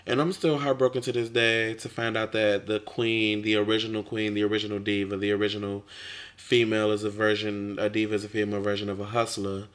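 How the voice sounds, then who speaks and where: A young man talking casually to camera as a vlogger, sassy and chatty, with drawn-out fillers. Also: lowish voice, level tone.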